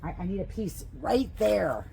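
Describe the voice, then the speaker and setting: A woman's voice: mid-range voice, big pitch swings, measured pace, creaky, warm tone, a little hiss or hum, rough recording. Enthusiastic woman teaching porch arranging. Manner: enthusiastic, chatty, gushing over plants. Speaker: gardening instructor. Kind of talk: how-to demonstration. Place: outdoors on a porch.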